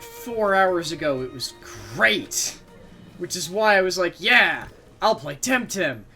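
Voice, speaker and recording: A man's voice: sits high, pushed and bright. A man streaming a video game, chatting casually as he plays, rambling and swearing freely with self-mocking asides. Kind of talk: casual gameplay commentary.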